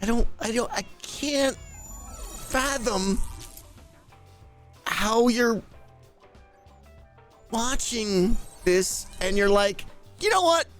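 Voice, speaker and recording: A man's voice: high-pitched, drawn-out words, long pauses, faint music behind. A man streaming live, rambling and laughing as he thanks viewers in a flustered, casual chat.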